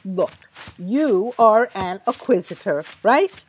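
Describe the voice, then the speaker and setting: A woman's voice: medium pitch, animated, slow, slight background noise. An actress playing a knowing woman guide who leads a companion through a story universe, urgent and jokey. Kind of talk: audio drama acting.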